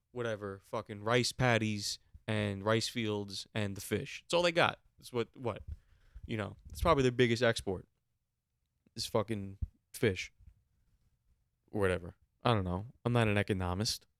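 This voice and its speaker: Alone in a small room with a handheld mic, a man hosts a solo comedic podcast rant, leaping into incredulous, raised questions. His fairly low voice has a clean tone, and he speaks a little slowly with long pauses. The sound is clean studio quality with no room sound.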